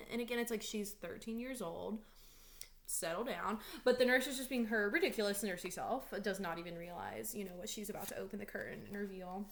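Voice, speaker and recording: A young woman gives a relaxed online lesson from home, talking through a play in a loose, chatty way. She fills her talk with likes and ums, and she gets dramatic when she reads the lines aloud. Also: medium pitch, a little fast. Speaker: English teacher. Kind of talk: casual read-aloud lesson.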